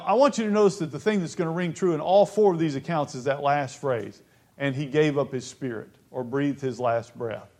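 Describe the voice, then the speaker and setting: A man with a somewhat high voice preaches a Bible lesson and reads verses aloud. He slows down on the key phrases and keeps putting questions to his listeners.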